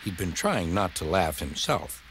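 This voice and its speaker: A man doing storybook narration in an expressive, deliberate way. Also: deep voice, slight background noise.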